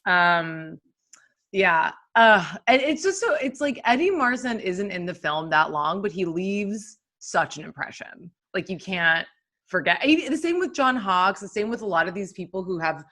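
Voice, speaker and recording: A woman co-hosting a film podcast, chatting casually in a bubbly way and laughing often. Her voice is bright and forceful and sits at a middle pitch. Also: expressive, normal speed. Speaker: podcast co-host.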